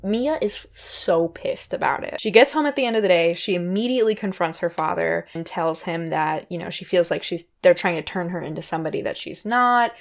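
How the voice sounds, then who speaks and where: A woman's voice: on the low side, brisk, vocal fry, few pauses. A young woman hosting a podcast, casually recapping a novel in a chatty, conversational way. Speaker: podcast host.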